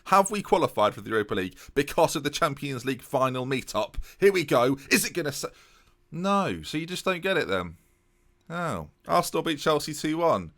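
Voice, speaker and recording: A young man giving casual, animated, self-mocking commentary while playing a football management game. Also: a little high, fairly quick. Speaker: gaming YouTuber.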